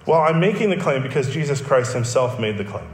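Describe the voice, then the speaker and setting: A man's voice: medium pitch, big pitch swings, a little fast, roomy sound, a little hiss or hum. A man preaching a sermon, explaining a text in an earnest teaching manner with emphatic repetition. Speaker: pastor.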